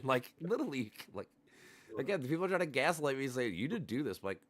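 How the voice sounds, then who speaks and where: A man's voice: medium pitch, big pitch swings, fast, fairly bright tone, no room sound. A man hosting a livestream, ranting in heated, profane casual chat. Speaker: livestream host.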